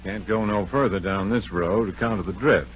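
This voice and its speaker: An actor playing a folksy rural sleigh driver in a 1940s radio drama, with rough country grammar. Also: male voice, lowish voice, normal speed, soft background music, lightly acted. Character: gruff rural sleigh driver, older man. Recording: dull old radio recording with faint noise.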